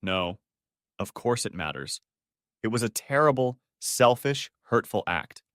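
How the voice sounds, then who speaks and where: A man's voice: mid-range voice, animated, measured pace, a bit bright, no room sound, clean studio sound. A man voicing a heartbroken middle-aged wife who begs through tears. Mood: shaken. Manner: tearful, begging.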